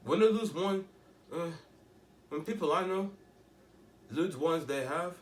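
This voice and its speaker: A man's voice: on the high side, lively intonation, a little slow, echoey room, recorded from a distance, a little hiss or hum. A teenage boy talking in a rambling, emphatic way, often restarting and asking rhetorical questions. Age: teens. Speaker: vlogger. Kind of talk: casual monologue to camera.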